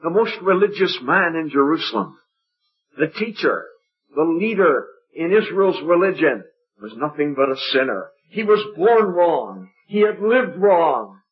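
A man preaching an evangelistic sermon at a gospel meeting, emphatic and dwelling on repeated phrases, sometimes dropping to a hush. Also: on the high side. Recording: dull lo-fi recording.

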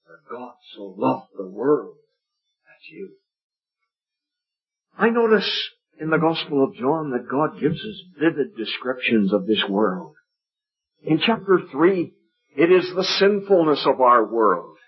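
Husky-voiced preacher in a gospel meeting. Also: male voice, on the high side, very animated, a little slow. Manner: emphatic, dwelling on repeated phrases, dropping to a hush. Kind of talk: evangelistic sermon. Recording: dull lo-fi recording.

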